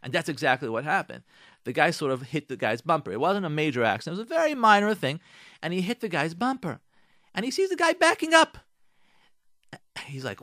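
A man's voice: on the high side, very animated, brisk, pushed and bright, no echo, clean studio sound. A man, a rabbi, telling stories and giving moral advice on the radio, speaking straight to his listeners.

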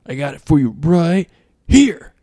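A man voicing a cocky, bumbling loudmouth who is boastful and then cowardly, with shouty taunts and high-pitched yelps. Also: racing, close to an everyday voice. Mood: taunting.

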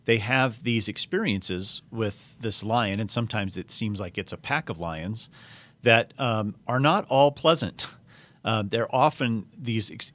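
A man's voice: fairly low pitch, fairly bright tone. A man retelling a story and reading passages aloud, with hesitant phrasing. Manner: hesitant, with fillers and restarts. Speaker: speaker retelling a novel.

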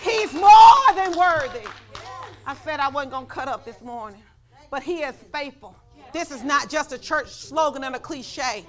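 A woman pastor preaching a sermon in church, telling a personal story and building up to shouts of praise. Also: high-pitched, moderate pace.

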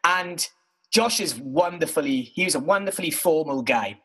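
A man with a husky, slightly rough voice, telling stories about his past in a casual, animated way. His pitch swings up and down a lot as he mocks himself and throws in the odd swear word. He talks from his bedroom like a podcast co-host chatting on air. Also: normal speed, low-quality recording. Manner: animated, self-mocking, swears freely. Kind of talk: casual storytelling monologue.

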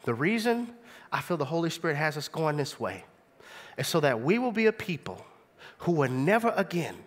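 A young adult man preaching a sermon in an animated, conversational way, throwing rhetorical questions at the congregation. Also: fairly high pitch, normal speed.

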